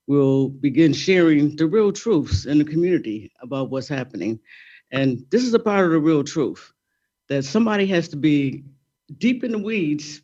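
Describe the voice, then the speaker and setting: A man's voice: medium pitch, darkish tone, muffled recording. A man, a state legislator, giving a confident, folksy, emphatic speech at a public meeting.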